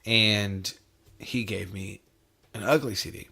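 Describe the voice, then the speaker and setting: Low-voiced male guest telling stories. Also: steady tone, slow, creaky, sharp tone, slightly rough. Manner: loose, profane storyteller. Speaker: podcast guest, drummer. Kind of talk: casual chat.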